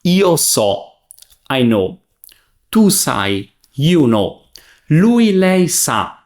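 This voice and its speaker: A man teaching a beginner grammar lesson, saying each verb form clearly and translating it in a patient, careful way. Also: a little high, very animated, drawn-out words, a little mellow. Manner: patient, spells out forms and translates each one. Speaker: Italian teacher.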